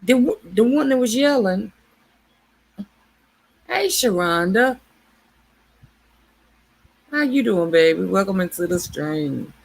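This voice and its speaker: A woman's voice: medium pitch, sing-song, slow pace, gravelly, long pauses. A woman hosting a casual late-night livestream, chatting with viewers by name and laughing often. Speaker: livestream host.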